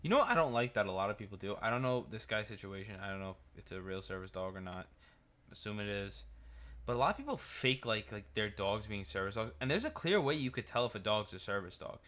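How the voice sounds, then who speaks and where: Rambling New York guy with a bright voice. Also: on the low side, lively intonation, quick pace. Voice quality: profane, rambling storyteller. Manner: laughs through stories, restarts often. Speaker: reaction video host. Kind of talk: casual reaction commentary.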